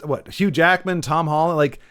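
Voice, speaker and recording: An American man hosts a loose conversation, circling through restarts and fillers before landing his point. His voice sits fairly high for a man. He laughs often as he talks. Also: normal speed, a bit bright, clear, resonant tone. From United States. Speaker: podcast host. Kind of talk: casual chat.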